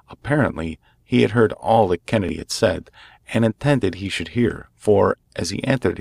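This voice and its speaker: A man narrating a classic detective story aloud in a measured, steady storytelling manner. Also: low-pitched, vocal fry, dry recording. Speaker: audiobook narrator.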